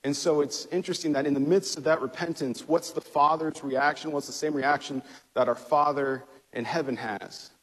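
A man's voice: fairly high pitch, fairly even intonation, moderate pace, husky. A man preaching a sermon as pastor, talking in a conversational way with fillers and restarts. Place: church sanctuary. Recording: long hall reverb.

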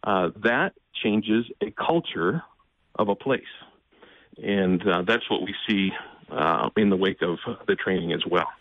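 A man speaking as a guest in an interview, earnest and measured, often pausing with fillers and restarting. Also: low voice, dry recording, narrow, tinny audio. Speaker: ministry president, guest. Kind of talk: conversational interview.

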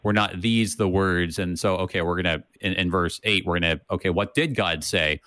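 A man's voice: low-pitched, steady tone, moderate pace, bright, forceful tone, no room sound, studio quality. A man co-hosting a casual Bible discussion, thinking aloud with frequent restarts and checking in with "right?". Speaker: co-host of a Bible study podcast.

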